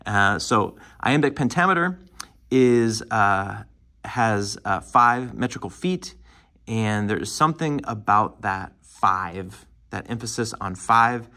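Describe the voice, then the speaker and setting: A man's voice: fairly low pitch, slow pace, sharp tone. A man teaching a lecture on poetry, talking loosely with many fillers and restarts.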